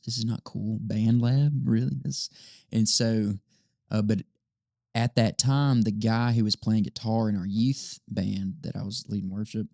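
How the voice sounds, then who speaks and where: Young Southern man, podcast guest; low gravelly voice, easygoing chatter. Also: no echo, studio quality. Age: 20s. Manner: relaxed, repeats words, laughs easily. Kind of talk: casual conversation.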